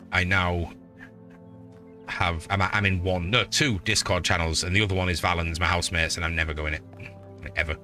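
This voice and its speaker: A northeast English man in his forties, with a matching accent and a low voice, chats casually while live-streaming a video game. He rambles, swears freely, and greets people loudly and excitedly.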